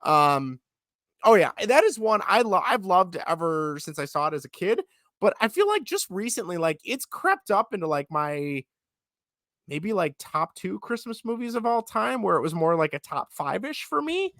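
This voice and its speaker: A man in his thirties co-hosting a podcast in casual chat, animated and laughing easily, with a sick voice. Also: sits high, normal speed, no echo, studio quality. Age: 30s. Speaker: podcast co-host.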